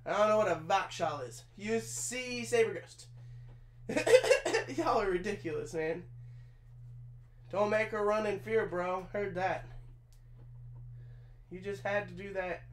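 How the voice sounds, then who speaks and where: A man in his twenties chatting casually with his live chat while he assembles a chair, swearing now and then, hot and sweaty from the work. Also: high voice. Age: 20s. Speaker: streamer. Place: small room in his trailer. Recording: echoey room with faint hum.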